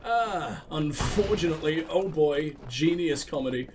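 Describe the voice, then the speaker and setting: A high-voiced man riffing through a let's play, sarcastic and swearing freely as he mocks the characters he meets. His commentary is loose and animated. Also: moderate pace, noisy background. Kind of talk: casual gameplay commentary.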